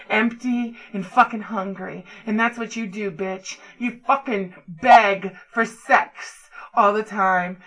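A woman's voice: mid-range voice, bright, forceful tone, rough recording. A woman performing an adult audio role-play in a commanding, taunting manner.

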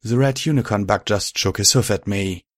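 A man reading fan fiction aloud as an audiobook narrator in a steady storytelling manner. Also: lowish voice, normal speed, dry recording, clean studio sound.

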